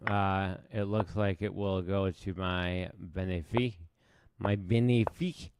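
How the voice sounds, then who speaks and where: A man's voice: low-pitched, flat delivery, slow, slight background noise. A man streaming chess live, thinking aloud as he plays in a casual, self-mocking way. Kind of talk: casual live game commentary.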